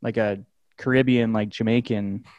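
A man's voice: fairly low pitch, steady tone, moderate pace, a little mellow, no room sound, lo-fi sound. A man hosting a podcast, talking in a loose, rambling and emphatic way in casual chat. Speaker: podcast host.

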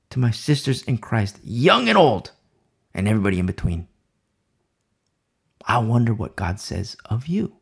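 A man preaching a Bible sermon with passion, dropping to hushed asides and repeating phrases for effect. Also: medium pitch, wildly swooping pitch, measured pace, vocal fry, long pauses, husky. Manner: impassioned, swings between loud emphasis and hushed asides.

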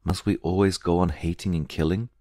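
A man voicing a stately, gentle old woman who pleads for mercy in a soft, melodious, quiet voice. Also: rumbling low, fairly even intonation, brisk, dry recording, clean studio sound. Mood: gentle pleading. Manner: quiet and tender.

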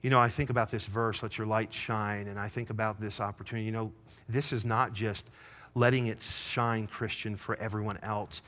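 A middle-aged man preaching a sermon, telling a personal story, moving from hushed confession to rising fervor. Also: fairly low pitch, little pitch movement, normal speed. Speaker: pastor.

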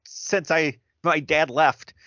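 A middle-aged man chatting casually, reflective and halting with many restarts. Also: a little high, steady tone, bright, forceful tone, no echo. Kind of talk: casual chat. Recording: dry dull lo-fi sound.

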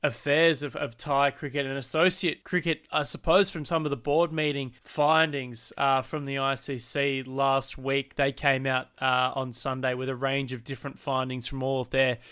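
Bright, crisp-voiced man hosting a podcast. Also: mid-range voice, little pitch movement. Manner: brisk, running through notes. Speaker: podcast host. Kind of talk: podcast news rundown.

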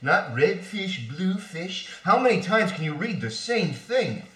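A man's voice: high-pitched, big pitch swings, measured pace, fairly bright tone, heavily acted. A man reading the part of a desperate, foul-mouthed baby boy in an amateur play reading. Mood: scornful. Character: infant boy pleading with crude adult talk. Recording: echoey room.

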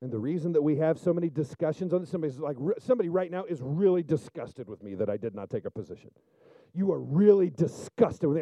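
A male pastor preaching a sermon, telling stories and building up to loud, fervent peaks. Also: a little high, lively intonation, quick pace, dry recording, poor audio. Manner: storytelling preacher, rises to loud fervent climaxes.

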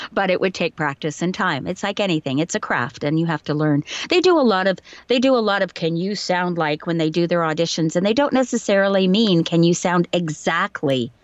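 A woman with a light received pronunciation English accent talks casually as an interview guest, modest and chatty, often giving examples. Her voice sits a little low. The sound is dry and a touch dull, like a remote call mic. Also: normal speed, dry recording. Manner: chatty, self-deprecating, explains with examples. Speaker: voice actor guest.

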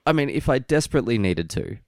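A man's voice: mid-range voice, big pitch swings, quick pace, creaky, dry recording, clean studio sound. A man co-hosting a podcast in casual chat, laid-back and understated, sounding congested and nasal. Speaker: podcast co-host.

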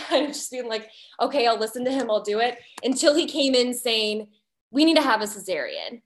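A woman with a slightly raised pitch tells a personal story as a podcast guest. She speaks candidly and with life, and often slips into voicing what she was thinking at the time. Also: normal speed. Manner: candid and lively, acting out her own past thoughts.

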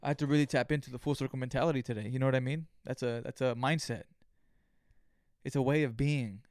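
A young man hosts a solo podcast, telling stories at a quick pace in a mid-range voice, recorded with clean studio sound and no room sound. His animated storytelling is full of swearing, and he acts out his own inner voice.

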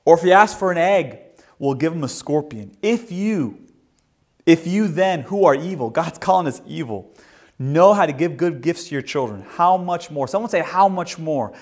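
A man in his thirties preaching a sermon, who swings between loud, animated bursts and quiet, hushed lines. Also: on the high side, moderate pace. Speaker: pastor. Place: church, also streamed online.

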